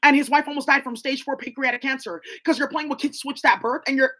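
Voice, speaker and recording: A woman's voice: sits high, steady tone, fast talker, hardly any pauses, pushed and bright. A woman talking in a rambling, profane monologue, leaping from name to name and claim to claim. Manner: rambling, profane, jumping between names and claims.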